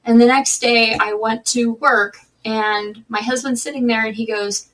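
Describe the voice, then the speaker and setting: A woman's voice: a little high, fairly even intonation, unhurried, few pauses, fairly bright tone, recorded from a distance, low-quality recording. A woman guest on a podcast, telling her own life story candidly and conversationally, often restarting her sentences. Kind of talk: personal storytelling in a podcast interview.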